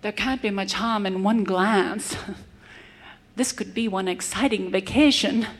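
A woman's voice: mid-range voice, steady tone, a little slow. A woman voicing a cultured young New York woman tourist with a prim, affected manner. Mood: prim, worldly.

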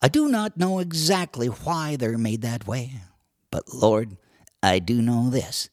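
A man reciting cowboy poetry and singing, with a lively drawl. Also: takes it slowly. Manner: lively drawl with broad swings of pitch. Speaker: cowboy poet and singer. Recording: dry studio recording with guitar.

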